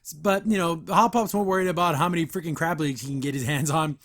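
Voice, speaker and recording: A man's voice: a little high, quick pace, fairly bright tone. A man hosting a podcast, casually recapping an episode and acting out the characters' lines. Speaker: podcast host.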